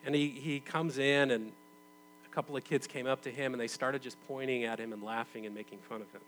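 A man in his thirties preaching a sermon as a pastor, conversational, moving from loud emphatic bursts to quiet, intimate stretches. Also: medium pitch, steady tone, a little fast, slight background noise, poor audio.

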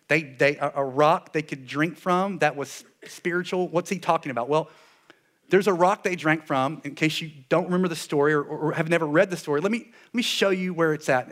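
A man preaching a sermon in an animated way, with sarcastic asides, dropping his voice low for solemn points. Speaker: pastor.

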